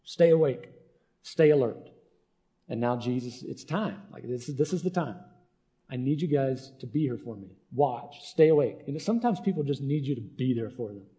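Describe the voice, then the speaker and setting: Mellow-voiced male pastor preaching. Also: medium pitch, animated, a little fast. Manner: earnest, conversational preaching with frequent "right?". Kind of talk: sermon.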